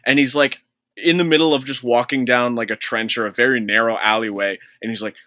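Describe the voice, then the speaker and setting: A man's voice: medium pitch, steady tone, fairly quick, bright, forceful tone, no echo. A man co-hosting a casual gaming podcast, ranting in an exasperated, profane way. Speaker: podcast co-host.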